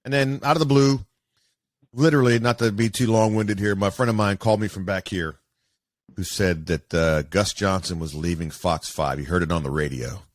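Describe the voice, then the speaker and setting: A man, a sportscaster, telling stories casually as an interview guest in an animated way with many fillers. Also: low-pitched, normal speed, dry recording, clean studio sound. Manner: animated, acts out quoted voices, many fillers.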